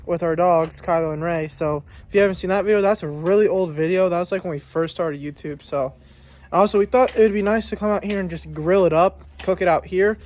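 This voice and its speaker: A man's voice: sits high, a little fast, a little mellow. A young man chatting to viewers in a casual vlog outdoors by a lake, a bit out of breath, recorded on a phone. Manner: chatty and upbeat, talks to viewers. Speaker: vlogger. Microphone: phone camera.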